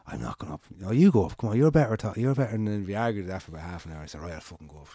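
An Irish man spins a loose, meandering story in easy conversation, slipping into the voices of the people he quotes. His voice sits fairly low and comes across dry and close to the mic. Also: racing, dark tone, no room sound. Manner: rambling anecdote with quoted dialogue and swearing. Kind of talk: casual storytelling chat.

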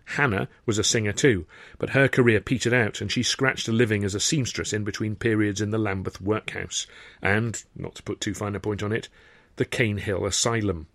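Man reading his own story, wry and chatty, lowish voice, dry close mic. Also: no room sound. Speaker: author-narrator. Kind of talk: scripted audiobook narration.

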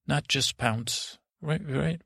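A man doing a gravelly, coaxing royal mother. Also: a little high, slow pace, fairly bright tone, dry recording, studio quality, voice pushed up, full character voice. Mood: coaxing, worried. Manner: coaxing, probing questions. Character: worried, controlling royal mother, middle-aged woman.

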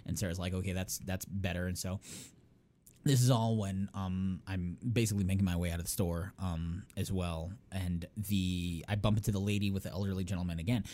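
A young man tells a story on a casual podcast, in a somewhat low voice. He is animated, jumps into acted-out quotes and laughs along the way. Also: fairly quick. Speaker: podcast co-host.

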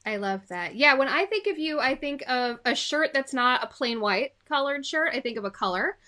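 High, bright-voiced woman host. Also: lively intonation, normal speed. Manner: friendly, reads listener questions. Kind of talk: casual interview chat.

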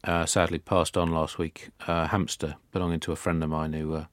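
Deadpan guy with a really low voice, rambling absurd bits, dry studio sound. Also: fairly quick, no room sound. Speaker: comedy guest. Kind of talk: deadpan satirical comedy chat.

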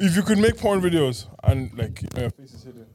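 A man's voice: on the high side, big pitch swings, fast talker, dark tone. A young man co-hosting a casual podcast chat, stumbling over his words and repeating himself. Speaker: podcast co-host.

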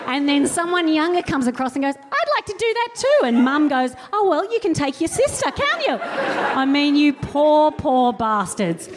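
A woman in her late thirties, a podcast co-host, telling a comic story at a live show and acting out other people's voices with big jumps in pitch.

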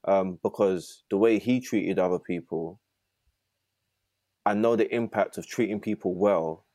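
Earnest young man, low warm voice. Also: a little slow, no room sound, clean studio sound. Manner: earnest, with many fillers. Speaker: podcast guest. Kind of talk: reflective conversation.

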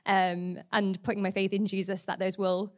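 A woman's voice: mid-range voice, level tone, moderate pace. A woman in her twenties sharing a casual testimony, giggly and self-deprecating. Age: 20s.

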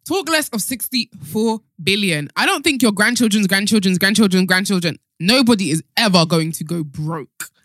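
A woman hosting a podcast, opinionated and laughing often, slowing down to make her points in casual chat. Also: medium pitch, lively intonation, a bit bright, no room sound, clean studio sound. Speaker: podcast host.

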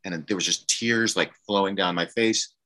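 Actor guy telling his story in a chat, low but bright voice, lots of stops and restarts, emotional. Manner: halting and emotional, many fillers and restarts. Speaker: actor guest. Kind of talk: candid personal storytelling in conversation.

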